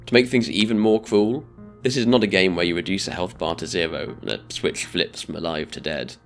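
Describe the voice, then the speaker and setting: Man narrating a video essay, low voice, gravelly edge, measured delivery, faint music underneath. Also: a bit bright. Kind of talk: scripted narration.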